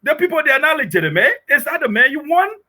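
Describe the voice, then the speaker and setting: A man's voice: extremely high pitch, very animated, quick pace, sharp tone. A man giving impassioned political commentary, emphatic and rhetorical, often asking "okay?". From Liberia.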